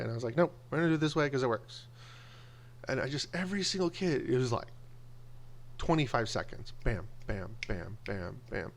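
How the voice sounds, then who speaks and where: A man telling personal stories in a casual monologue, animated and acting out the voices of people he quotes. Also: medium pitch, fairly quick, slight background noise. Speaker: video blogger.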